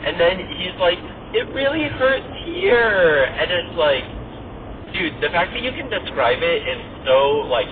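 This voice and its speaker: A man's voice: on the high side, lively intonation, a little slow. A man hosting a podcast, chatting casually in a rambling way, full of "like" and "you know". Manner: rambling, filler-heavy, lots of "like" and "you know". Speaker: podcast host. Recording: tinny phone-like audio with faint noise.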